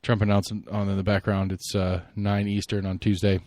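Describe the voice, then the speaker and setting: A man hosting a solo podcast, giving rambling, opinionated political commentary and thinking out loud. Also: fairly low pitch, flat delivery, fairly quick, dry recording, clean studio sound. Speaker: podcast host.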